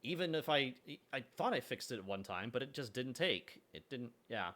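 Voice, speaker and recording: Chill guy streaming, chatty, bright voice, bouncy pitch. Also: sing-song, moderate pace. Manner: laid-back, chuckling, chatty. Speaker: streamer and game developer. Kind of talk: casual live-stream chat.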